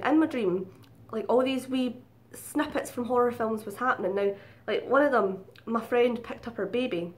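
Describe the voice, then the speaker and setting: Chatty woman, swearing freely. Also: on the high side. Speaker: vlogger. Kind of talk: casual storytelling.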